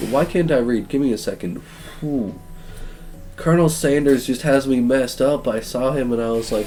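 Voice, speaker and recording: Young man, streamer, let's-play narration, animated and joking, mellow voice, faint music behind. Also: medium pitch, moderate pace. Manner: animated, joking and gushing, reads game text aloud.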